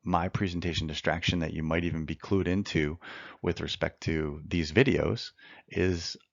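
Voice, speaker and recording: A man teaching mock trial in a recorded lecture, earnest and emphatic, repeating phrases for effect and working to slow his naturally fast speech. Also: sits low, fairly even intonation, gravelly, dry recording, lo-fi sound.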